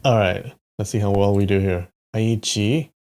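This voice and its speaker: A man with a fairly low, darkish voice speaks at a moderate pace while live streaming a map quiz. He mutters place names to himself as he plays, breaking into sudden frustrated outbursts and the odd swear in casual commentary.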